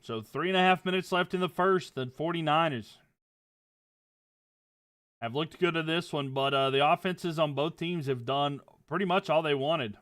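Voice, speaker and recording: A young man giving casual play-by-play commentary on a livestream, getting louder on big plays and dropping low when he talks to viewers. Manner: rises and quickens on big plays, drops low chatting with viewers.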